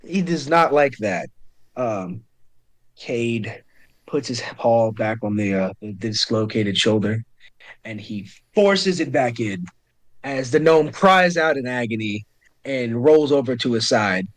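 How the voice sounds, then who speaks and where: A man's voice: mid-range voice, animated, slow, low-quality recording. A man narrating a tabletop game as game master, describing the scene with frequent fillers.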